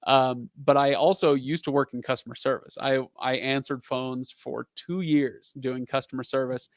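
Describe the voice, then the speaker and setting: A man's voice: mid-range voice, steady tone, moderate pace, no echo, studio quality. A man in his thirties hosting a casual live stream, answering viewer questions in a rambling, chatty way with lots of fillers.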